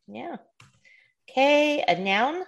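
Woman podcast host, giggly, animated pitch, unhurried. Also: vocal fry, lo-fi sound. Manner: giggly, leads the game. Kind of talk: casual chat.

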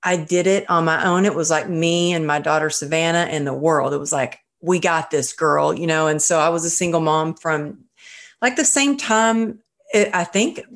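Effusive woman hosting a heartfelt interview. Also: deep voice. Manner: effusive and heartfelt, praising her guest. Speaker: podcast host. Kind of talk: conversational interview.

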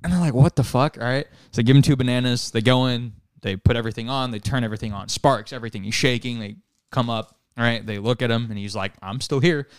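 A man's voice: medium pitch, fast, clean tone, dry recording, clean studio sound. Rambling man telling a long joke. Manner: rambling storyteller, laughs at his own joke, swears casually. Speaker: podcast co-host.

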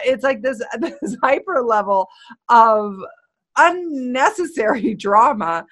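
A woman giving a motivational talk in an energetic, playful, conversational way. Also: a little high, takes it slowly. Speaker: motivational speaker.

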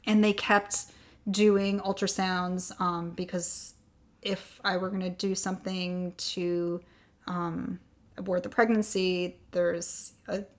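A woman guest on a podcast, telling a personal story with lively quoted dialogue that turns soft and quiet on the hard parts. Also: lowish voice, slow. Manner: animated, acts out quoted dialogue.

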